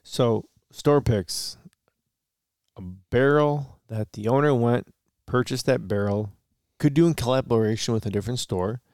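A man from Michigan co-hosting a casual podcast chat, talking in a measured, deliberate way. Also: mid-range voice, a little mellow, no room sound, studio quality. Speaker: podcast co-host.

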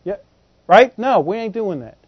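A man preaching with a high-pitched voice in a folksy, joking way, full of slang. He keeps turning to the congregation with questions. The recording is dry and a bit dull. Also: lively intonation, moderate pace, dry recording. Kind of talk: sermon.

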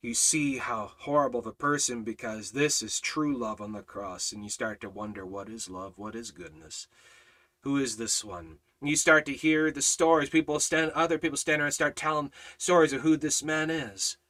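A man leading a Bible study as a sermon, dropping to hushed low passages and building to loud, high-pitched preaching. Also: normal speed. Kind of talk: impassioned sermon.

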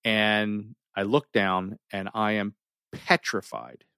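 A middle-aged man telling a personal story in an animated way, full of restarts and dramatic pauses. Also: fairly low pitch, gravelly, clean tone, dry recording, studio quality.

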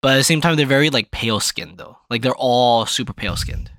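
Bright-voiced young man, rambling. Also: medium pitch, lively intonation, brisk, no echo, clean studio sound. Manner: rambling, hedging with fillers. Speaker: podcast co-host. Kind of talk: casual chat.

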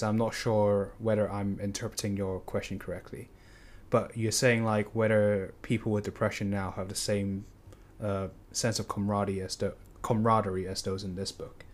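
Low-voiced man, hesitant and rambling. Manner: hesitant, rambling with many fillers. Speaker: book discussion participant. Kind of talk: casual discussion.

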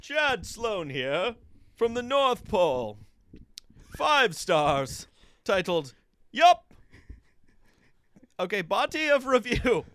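A man voicing a jolly Santa Claus in the muffled, booming style of a masked brute, slow and deliberate. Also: big pitch swings, a bit bright, smooth, heavily acted.

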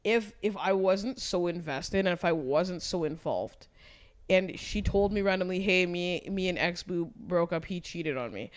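A woman's voice: fairly low pitch, normal speed. Woman co-host, casual chat; emphatic, profane storytelling with quoted lines acted out. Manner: animated, acts out quoted lines in her retelling. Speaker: podcast co-host.

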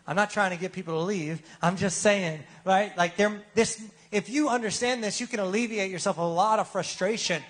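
Pastor guy w a high voice, chatty joking sermon, keeps asking the crowd amen?. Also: normal speed, fairly bright tone. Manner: casual, joking, asks the crowd for replies.

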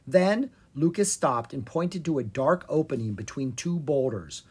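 A narrator reading a children's chapter book aloud with expressive storytelling. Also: measured pace, breathy edge. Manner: expressive storytelling, dropping low on tags. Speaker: audiobook narrator.

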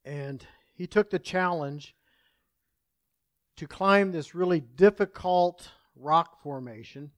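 A man's voice: fairly high pitch, slow, no echo. A male pastor preaching a sermon, praying and telling a folksy story in an earnest manner.

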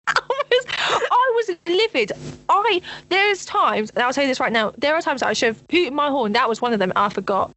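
A young woman, co-hosting a podcast, telling animated stories in casual chat. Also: fairly quick, a little hiss or hum, low-quality recording. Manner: animated storytelling, swings to high excited pitch. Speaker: podcast co-host.

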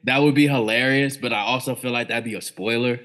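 A man with a mid-range voice co-hosts a relaxed chat among friends. He talks in easygoing slang and speaks with enthusiasm. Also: mid-range voice, fast. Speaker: podcast co-host. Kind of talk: casual chat.

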